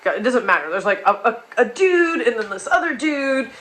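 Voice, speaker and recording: A woman's voice: a little high, very animated, normal speed, a bit bright, poor audio. A young woman telling a wild personal story in casual comedic style, rambling and profane, with many restarts and asides.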